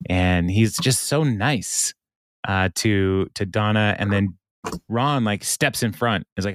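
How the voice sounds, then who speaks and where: A man's voice: fairly low pitch, lively intonation, slow pace, a bit bright, clear, resonant tone, no room sound, studio quality. Rambling man chatting on a podcast. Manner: rambling, many fillers, laughs often. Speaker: podcast co-host. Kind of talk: casual chat recapping a TV episode.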